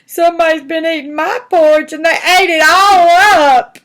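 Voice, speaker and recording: An older woman voicing a small crying boy bear cub in a storybook tale, high and whiny. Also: slow pace.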